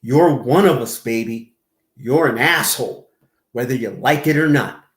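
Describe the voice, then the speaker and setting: A man mocking a clip in a sarcastic, crude reaction commentary with a drawn-out delivery. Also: medium pitch. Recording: roomy, echoey room.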